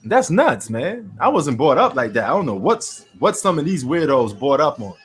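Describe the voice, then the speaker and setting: Blunt husky-voiced man from New York. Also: fairly high pitch, big pitch swings, normal speed. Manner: blunt, opinionated, slangy ranting. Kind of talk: casual sports chat.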